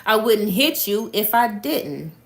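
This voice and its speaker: A woman's voice: mid-range voice, sing-song, slow, voice pushed up. A woman voicing an angry, controlling boyfriend who curses and defends himself. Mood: defensive. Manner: cursing, defensive.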